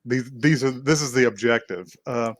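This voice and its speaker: A man co-hosting a podcast, casually retelling an anime episode with many fillers and laughs, acting out the characters' lines in quick bursts. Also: mid-range voice, no room sound. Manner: rambling, laughing, acts out quotes. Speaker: podcast co-host. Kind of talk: casual anime recap chat.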